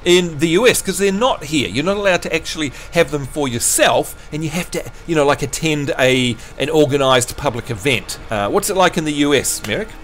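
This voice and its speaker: A man's voice: fairly high pitch, fairly quick, few pauses, fairly bright tone, faint music behind. A man from New Zealand hosting a casual gaming livestream, chatty and jokey, laughing often. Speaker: livestream host.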